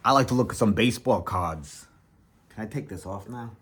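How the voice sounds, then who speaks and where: A young adult man hosting a comedy channel, rambling in a sarcastic, mock-enthusiastic deadpan sketch. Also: on the low side, moderate pace, breathy edge.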